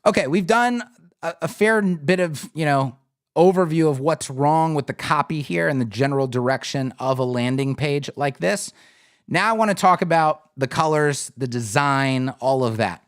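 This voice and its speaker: A man's voice: on the high side, moderate pace. A man hosting a live-streamed website critique, talking in an emphatic, conversational way and often asking "right?". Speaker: web design critique host.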